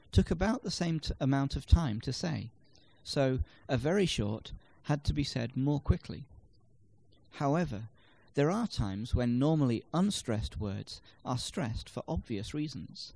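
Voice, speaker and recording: In a medium-pitched voice that is gravelly and mellow, with lively intonation, a man reads a language-lesson script. He explains in a measured way, demonstrating word stress in example sentences.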